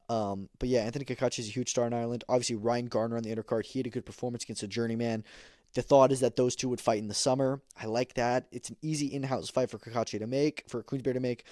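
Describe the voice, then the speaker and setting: A man's voice: mid-range voice, a little mellow, no room sound, clean studio sound. A man hosting a podcast, giving casual, opinionated combat sports commentary with emphatic repeats and plenty of fillers. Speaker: podcast host.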